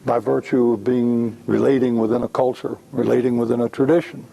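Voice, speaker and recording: A man presenting at a workshop, explaining ideas in a relaxed, conversational way. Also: medium pitch, a little fast, creaky, a little hiss or hum, rough recording. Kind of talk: workshop lecture with role-play demo.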